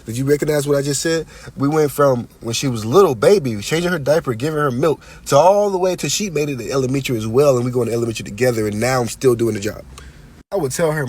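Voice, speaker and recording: A man in a played clip giving earnest, emphatic personal testimony with a drawn-out delivery. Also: medium pitch, a little mellow, slight background noise. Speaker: man in a clip being reacted to.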